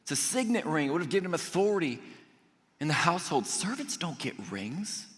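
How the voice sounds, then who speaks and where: A man preaching a sermon, telling a personal story in an animated way, acting out the voices he quotes and adding jokey asides. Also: on the high side, fairly quick, in a large hall. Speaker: pastor. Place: church auditorium.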